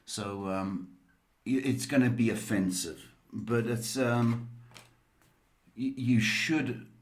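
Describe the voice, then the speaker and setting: A man doing a live-streamed psychic card reading, answering viewers slowly, with many ums and pet names like baby and sweetheart. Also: mid-range voice, fairly even intonation.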